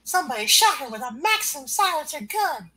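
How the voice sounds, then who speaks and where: A flustered young girl detective, as a woman plays her speaks in a high, breathy voice that swoops and brightens. Her lines come out in an old-fashioned, melodramatic comic-book way. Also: very animated, fairly quick, full character voice, low-quality recording. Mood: earnest. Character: flustered young woman, a plucky amateur sleuth. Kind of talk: reading a comic aloud with voices.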